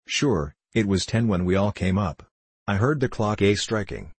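A man's voice: on the low side, animated, moderate pace, slightly rough, dry recording. A man doing a flustered Irish cook woman. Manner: rambling, pleading, emotional. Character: portly Irish woman cook, nervous, talkative.

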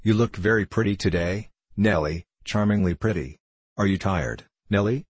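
A man's voice: on the low side, normal speed, slightly rough, no room sound. A man reading the part of a gleeful, cruel grown male dwarf, coaxing in a leering way and then threatening savagely.

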